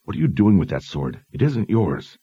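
A man voicing a stern, commanding woman sergeant of the guard who speaks with calm, firm authority. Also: lowish voice, moderate pace, slightly rough, no room sound, lo-fi sound, voice pushed up, exaggerated voice. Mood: incredulous.

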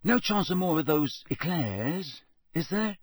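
A hungry teenage boy wizard wheedling for more food, his voice lifted higher than the narration and rising at the end of each question, as a male narrator puts him on. The tone is husky and the sound is dry and close. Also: lively intonation, measured pace, no room sound. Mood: coaxing. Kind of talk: audiobook character voice.

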